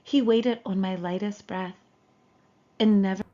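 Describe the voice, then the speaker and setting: A woman reading a poem in a calm, measured voice, heard as played-back course audio. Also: medium pitch. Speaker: poetry reader in course audio. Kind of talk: calm poetry recitation. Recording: dull lo-fi playback of course audio.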